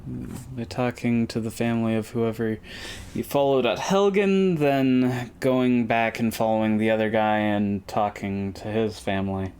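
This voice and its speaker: A man's voice: mid-range voice, fairly even intonation, a little slow, a little mellow, slight background noise. A man giving casual, rambling commentary while streaming a game, thinking aloud and humming to himself.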